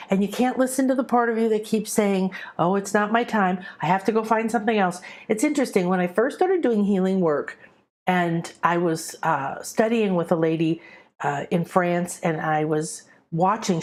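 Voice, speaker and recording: A middle-aged woman, a spiritual teacher, giving a chatty, animated spiritual talk to a live audience and acting out quoted voices. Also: mid-range voice.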